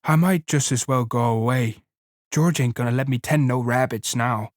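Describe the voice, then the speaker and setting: A man's voice: medium pitch, steady tone, normal speed, dry recording, clean studio sound, lightly acted. Man doing a frightened childlike farmhand. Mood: miserable. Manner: pleading, childlike rural drawl. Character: simple-minded giant farmhand, childlike and fearful.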